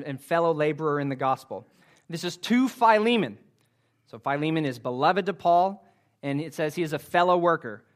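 Man, sermon, earnest, careful delivery, slightly higher voice. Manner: earnest, careful, with frequent "uh" fillers. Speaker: pastor.

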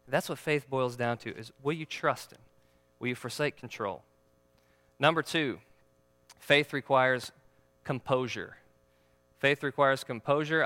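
A man's voice: medium pitch, unhurried, long pauses, bright, forceful tone, long reverb tail. A man preaching a sermon as pastor, in a conversational, joking way that asks the audience questions.

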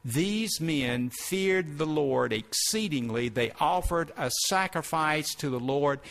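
Man preacher, higher voice, reads scripture and breaks in with comments. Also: animated, slow, vocal fry, a bit bright. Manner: reads verses then breaks in to explain. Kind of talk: sermon reading scripture with commentary.

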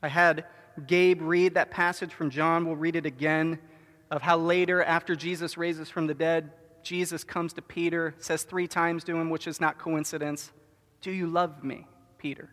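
Male preacher, high voice, earnest sermon, drawn-out stressed words, church sanctuary with long reverb. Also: level tone, a bit bright. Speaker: pastor.

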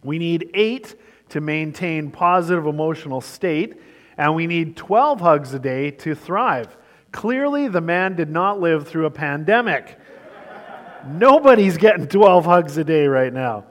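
A man giving a sermon as pastor, telling a story and shifting between brisk and slow, emphatic delivery. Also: on the high side, expressive, long reverb tail.

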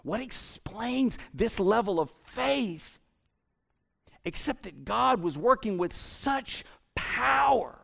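A male pastor preaching with a fairly high, gravelly voice. He is animated and repeats words as he builds each point. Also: takes it slowly. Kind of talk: sermon.

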